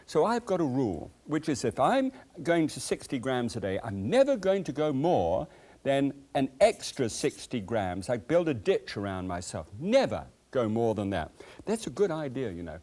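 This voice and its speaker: A man's voice: medium pitch, very animated, moderate pace, darkish tone. A man hosting a cooking show, chatting enthusiastically and telling folksy anecdotes from a TV kitchen set. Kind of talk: cooking show chat and storytelling.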